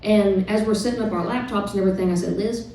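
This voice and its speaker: A woman on a live club stage, talking between songs in a loose, chatty storytelling way. Her voice is dark and mellow. She is picked up from a distance, in a very echoey room with faint music around her. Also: medium pitch, fast talker, a little hiss or hum. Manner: chatty, relaxed storytelling with fillers. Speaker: singer-songwriter performing live.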